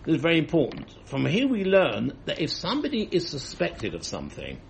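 A man's voice: on the high side, wildly swooping pitch, brisk, gravelly, slight background noise. A man teaching a Talmud class, reading the text and explaining it line by line.

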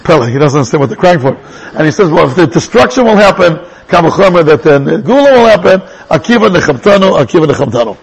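A man teaching a Torah class in an animated way, restarting sentences and mixing in Hebrew terms. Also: a little high, fast, vocal fry, few pauses, a little hiss or hum, poor audio. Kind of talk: lively Torah lecture.

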